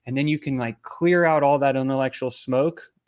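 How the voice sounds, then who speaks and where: A man in the role of a sales coach, teaching in an easy conversational manner. His voice sits at a middling pitch, and he keeps checking in with a quick "right?" as he explains. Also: steady tone, darkish tone, clean tone. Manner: conversational, often tags lines with "right?". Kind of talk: instructional talk to camera.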